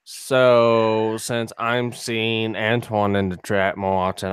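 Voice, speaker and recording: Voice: mid-range voice, flat delivery, slow pace, smooth, no echo, studio quality. A streamer chatting casually and playfully with a co-host over a video call. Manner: joking, playful. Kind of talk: casual chat. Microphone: computer mic on a video call.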